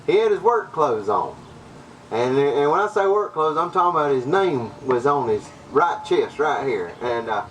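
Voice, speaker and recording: A man's voice: fairly high pitch, very animated, moderate pace, fairly bright tone. A man presenting at a workshop, telling a story to a live audience in a folksy way and laughing often. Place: workshop room. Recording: distant mic with audible noise.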